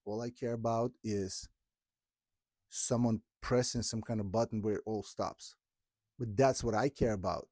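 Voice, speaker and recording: A man's voice: lowish voice, steady tone, measured pace, warm tone, no room sound, studio quality. A man from Ukraine, hosting a podcast and speaking earnestly and from the heart, often breaking off and restarting. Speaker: podcast host. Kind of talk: candid podcast conversation.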